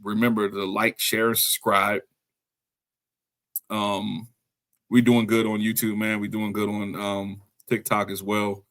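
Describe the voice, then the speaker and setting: A man's voice: on the low side, level tone, measured pace, fairly bright tone. A man hosting a wrestling podcast alone, recapping the show in a loose, rambling way with slangy asides to his listeners, tired after a long day. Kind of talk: casual solo show recap.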